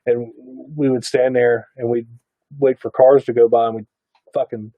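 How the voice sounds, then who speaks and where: Man, podcast co-host, relaxed profane rambler, mid pitch; dry, dull sound. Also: moderate pace, no room sound. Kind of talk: casual crude chat.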